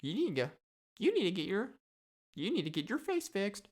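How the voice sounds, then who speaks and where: A man's voice: sits high, huge pitch swings, fairly quick, voice pushed up, heavily acted. A man voicing a rude, cocky cursing parrot that squawks insults. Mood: jeering. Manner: squawky, jeering taunts.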